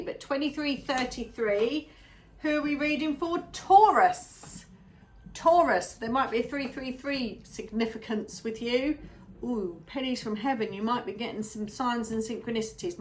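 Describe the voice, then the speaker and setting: A woman's voice: on the high side, a little hiss or hum. A woman giving a casual tarot reading, musing aloud and repeating phrases as she goes. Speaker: tarot reader.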